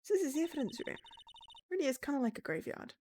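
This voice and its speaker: A woman's voice: high-pitched, very animated, fast, darkish tone, slight background noise, pitched above the performer's own voice. A woman voicing a wry, curious young male defense lawyer, reading game dialogue aloud on stream.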